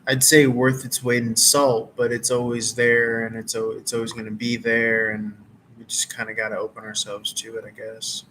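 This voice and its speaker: A man's voice: medium pitch, completely flat delivery, normal speed, hardly any pauses, fairly bright tone, a little hiss or hum, poor audio. A man who reads tarot, chatting casually outdoors around a campfire, laid-back and meandering, full of fillers. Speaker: tarot reader. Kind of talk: casual rambling chat.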